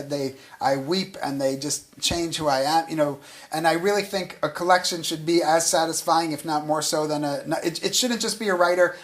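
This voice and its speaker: A man, an author talking on stage at a literary event, who rambles, restarts his sentences and chuckles as he goes. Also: fairly high pitch. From United States. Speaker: author being interviewed. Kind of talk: casual onstage talk.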